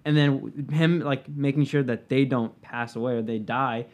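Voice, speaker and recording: Co-host, male, mid-pitched, loose rambling delivery full of fillers. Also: fairly even intonation, moderate pace, darkish tone. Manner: rambling, profane, many fillers. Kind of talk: casual chat.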